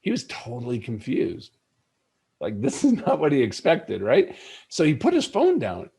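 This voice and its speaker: Warm and husky, this middle-aged man's mid-range voice swoops wildly in pitch at a normal speed. A leadership coach, he's a guest earnestly reflecting on a personal story, filler words everywhere, in a conversational interview.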